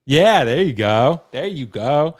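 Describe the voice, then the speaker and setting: A man's voice: fairly high pitch, very animated, slow pace, no echo. A man from Maryland hosting a casual livestream. He talks in a laid-back way, swears freely and laughs often. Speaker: livestream host.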